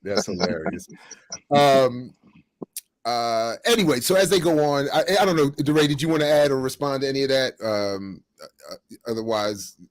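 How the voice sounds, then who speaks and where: A man's voice: mid-range voice, normal speed, dry recording. A middle-aged man hosting a podcast, telling a story in a casual way and acting out what people said. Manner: animated, acts out quotes while telling stories. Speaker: podcast host.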